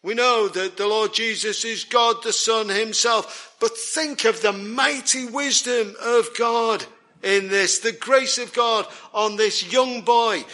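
A man's voice: high voice, takes it slowly, pushed and bright. A man preaching a sermon, earnest and emphatic, repeating key words for weight.

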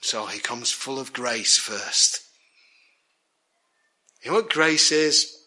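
High bright-voiced preacher, slow. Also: male voice. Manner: earnest, emphatic preaching with deliberate repetition. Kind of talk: sermon.

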